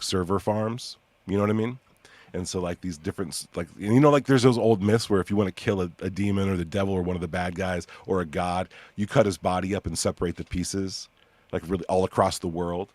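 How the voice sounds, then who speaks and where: A young man hosting a podcast in casual chat, rambling through ideas with many fillers and sudden excited bursts. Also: low voice. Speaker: podcast host.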